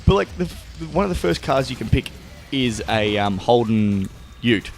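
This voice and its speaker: A young Australian man co-hosts a gaming show, chatting casually while he plays, rambling through his stories with frequent swearing and laughter. His mid-range voice is gravelly and animated at a moderate pace, with a slight hiss or hum in the audio.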